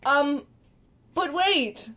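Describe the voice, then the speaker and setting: A teenage girl co-hosting a casual podcast, chatting away as she tells a story. She talks with a lot of fillers and acts out the lines of the people in it, in a voice a bit higher than usual. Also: extremely slow, crowd noise. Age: teens. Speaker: podcast co-host. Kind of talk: casual chat.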